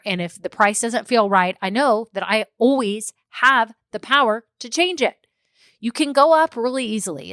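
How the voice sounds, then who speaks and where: A woman's voice: medium pitch, fairly bright tone, no echo, clean studio sound. Chatty upbeat woman podcast host. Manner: chatty, upbeat, laughs often. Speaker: podcast host, small business coach. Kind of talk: solo podcast talk.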